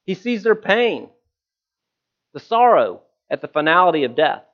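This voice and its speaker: Guy preaching a chatty sermon, highish voice, jumps all over in pitch, kinda muffled lo-fi sound. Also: big pitch swings, moderate pace. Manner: conversational, self-deprecating storytelling.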